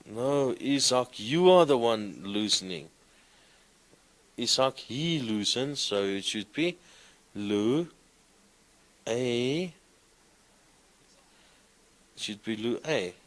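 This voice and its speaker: A man's voice: mid-range voice, expressive, slow, long pauses. A man teaching a classroom lesson, speaking in an encouraging way and often asking his students questions. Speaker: Greek teacher. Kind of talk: classroom lecture.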